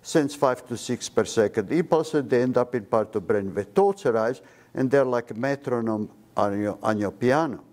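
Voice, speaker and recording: A physician with a medium-pitched voice and normal speaking speed gives an emphatic medical seminar talk to an audience in a seminar room. He lectures in an animated way, drops articles, and leans on key words.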